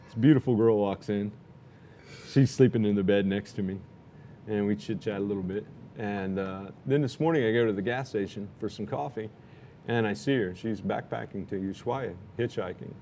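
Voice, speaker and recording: A man's voice: lowish voice, normal speed, dark tone, a little hiss or hum. A man on a motorcycle trip chatting casually, rambling and laid-back with many fillers. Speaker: motorcycle traveler. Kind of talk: casual chat.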